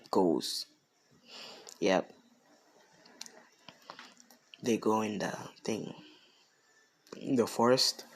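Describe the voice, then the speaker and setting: Guy making up a fan story as he goes, real slow, lots of um and like. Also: medium pitch. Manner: slow, hesitant, lots of fillers. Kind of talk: improvised fan story narration.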